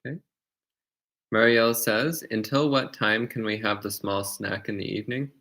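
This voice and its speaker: A man's voice: lowish voice, normal speed, sharp tone. A man moderating a Q&A, briefly reading out the questions. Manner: brief, reads questions aloud.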